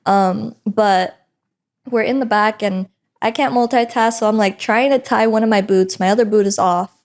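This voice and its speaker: A young woman, a professional wrestler, telling stories in a casual interview with an animated, laughing manner. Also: mid-range voice, normal speed. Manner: animated, laughing often, acts out voices in stories. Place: indoor interview set.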